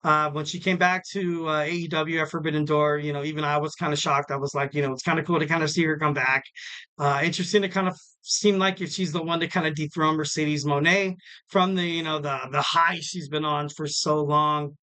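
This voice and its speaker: A man's voice: fairly high pitch, fairly even intonation, a little fast, sharp tone, smooth. A man hosting a solo wrestling podcast, talking casually and rambling with lots of fillers and self-corrections. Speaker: podcast host.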